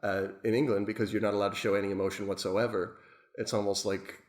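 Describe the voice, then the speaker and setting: Brief: podcast co-host, man raised in Canada, quick rambling delivery, echoey room. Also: lowish voice, little pitch movement. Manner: rambling, many restarts and repeated words. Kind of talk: casual chat.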